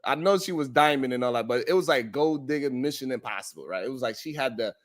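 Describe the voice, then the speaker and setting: A man's voice: medium pitch, expressive, fast. A man hosting a live talk show, recapping the week's stories with jokes, frequent laughter and mocking quoted voices. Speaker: show host. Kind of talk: comedic recap of the week's shows.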